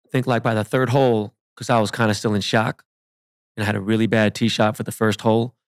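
Gravelly man telling profane golf stories. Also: fairly low pitch, quick pace, no room sound, studio quality. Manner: profane, animated, says "bro". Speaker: podcast host. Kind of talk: casual storytelling. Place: podcast studio.

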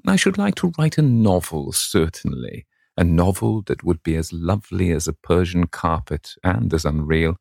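A man reading the lines of a witty, languid young aristocratic gentleman in an audiobook of a classic novel. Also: low-pitched, very animated, moderate pace, creaky, few pauses, dry recording, studio quality, exaggerated voice.

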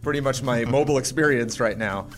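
A man's voice: mid-range voice, fast talker, faint music behind. A man co-hosting a casual gaming podcast, easygoing and self-deprecating. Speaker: podcast co-host.

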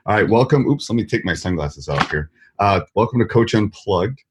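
A man's voice: lowish voice, expressive, a little fast, noisy background. A man from Wisconsin with a Wisconsin accent, hosting a casual podcast interview and rambling with many restarts. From Wisconsin, US Midwest. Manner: rambling, restarts and repeats words. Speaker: podcast host. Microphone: desk mic.

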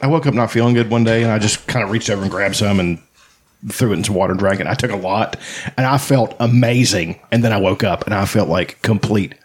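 A man's voice: fairly low pitch, fast, husky. A man in casual chat among friends, rambling and swearing freely. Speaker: podcast co-host.

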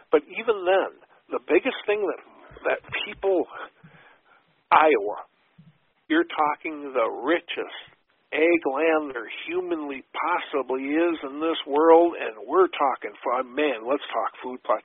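A man's voice: on the high side, slightly rough, no echo. A man giving folksy, rambling answers as a guest in a podcast interview, with sarcastic asides and many digressions. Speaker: guest habitat expert. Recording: tinny phone line.

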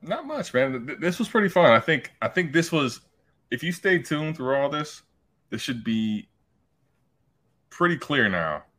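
A man co-hosting a casual podcast, talking things through in a relaxed way. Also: fairly high pitch, measured pace, pauses often. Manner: relaxed, thinks aloud with restarts. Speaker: podcast co-host.

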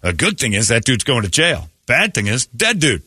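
A man hosting a morning rock radio show, telling stories in a blunt, animated way. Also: medium pitch, moderate pace, slightly rough, no room sound. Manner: blunt, storytelling, animated retelling. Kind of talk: casual talk radio banter. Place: radio studio. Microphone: studio mic. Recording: dry close studio sound.

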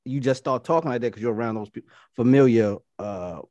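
Man, casual podcast talk, animated and profane, dry close sound. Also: medium pitch, a little fast, no room sound, muffled recording. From Baltimore. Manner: animated, profane, argues points with quoted voices. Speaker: podcast co-host. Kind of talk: casual chat.

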